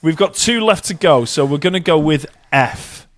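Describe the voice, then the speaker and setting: British male co-host, slightly high voice, tripping over his words. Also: lively intonation, normal speed, dry recording. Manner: stammering restarts, laughs easily. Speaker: podcast co-host. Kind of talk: casual podcast banter.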